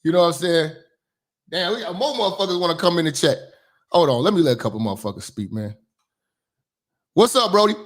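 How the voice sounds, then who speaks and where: A man hosting a live stream show, talking in loud, teasing, profane commentary to callers. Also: fairly high pitch, expressive, fairly quick, pauses often. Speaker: host.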